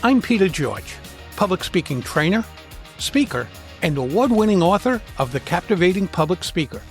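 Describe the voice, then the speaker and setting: A man, a public speaking trainer, giving a scripted podcast lesson in a clear, measured way, stressing key words on purpose. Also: high-pitched, sing-song, faint music behind.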